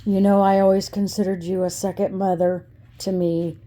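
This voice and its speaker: A woman's voice: medium pitch, little pitch movement, a little fast, mellow. A woman recording an emotional, tender birthday video message for a mentor she once worked with. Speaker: former coworker sending video greeting. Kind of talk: heartfelt personal video message.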